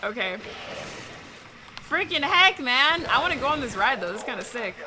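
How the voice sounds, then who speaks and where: A young woman streaming a game, chatting casually with loud, excitable outbursts. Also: sits high, normal speed, crowd noise. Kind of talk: live gameplay commentary. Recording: stream audio with background noise.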